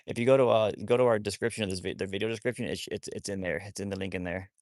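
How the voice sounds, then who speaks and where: A man's voice: fairly low pitch, steady tone, racing, darkish tone, no echo, clean studio sound. A man hosting a casual livestream about rescuing wolfdogs, rambling with many restarts while he talks to his dogs.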